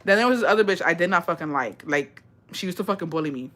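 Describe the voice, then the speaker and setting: A storytime vlogger in her thirties tells a gossipy, profane childhood story casually, dropping Spanish phrases into her talk. She talks fast and expressively in a lowish, fairly bright voice.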